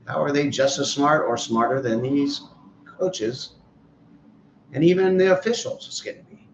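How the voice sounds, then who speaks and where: A man's voice: mid-range voice, lively intonation, measured pace, a little hiss or hum. Male podcast host, casual opinionated football rant, dull lo-fi echoey room sound. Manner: opinionated, rambling, joking. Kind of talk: casual sports commentary.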